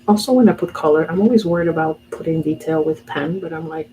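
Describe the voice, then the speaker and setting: A woman's voice: deep voice, fairly quick, noisy background. A woman in her thirties chatting casually while she draws and paints, musing aloud and talking herself through each step. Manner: chatty, talks to herself as she works, laughs often. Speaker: art vlogger.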